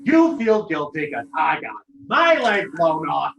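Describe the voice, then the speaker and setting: A man plays a wounded veteran who lost a leg, bitter and defensive, in an amateur virtual stage play. His voice runs fairly high, and the recording is roomy with a faint hiss behind it. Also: sing-song, a little slow, vocal fry, lo-fi sound, full character voice. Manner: defensive, rising to anguished shouting. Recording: echoey room with faint noise.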